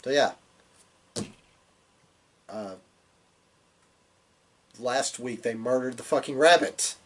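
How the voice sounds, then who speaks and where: A man's voice: medium pitch, slow pace. A man hosting a casual wrestling review show, rambling and swearing with lots of fillers. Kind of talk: casual chat.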